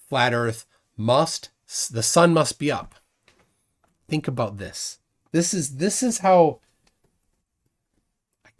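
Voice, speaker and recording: A man hosting a casual livestream, mocking and combative, often repeating words as he argues. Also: medium pitch. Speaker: livestream host.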